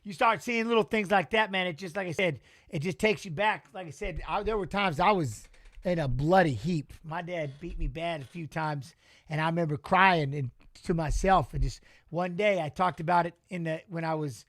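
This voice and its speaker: A man's voice: on the high side, moderate pace, a bit bright. A middle-aged man giving casual live fight commentary in a rambling, emotional, salty way. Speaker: watch-along commentator.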